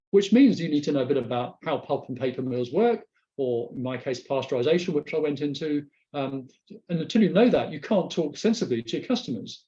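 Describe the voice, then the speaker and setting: A man gives a webinar presentation over his slides, his voice mellow and rather dark. He talks haltingly, circling back and repeating words as he hunts for the next phrase. The webcast audio is dull and lo-fi. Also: fairly high pitch. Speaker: guest speaker presenting slides. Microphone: remote webcast mic.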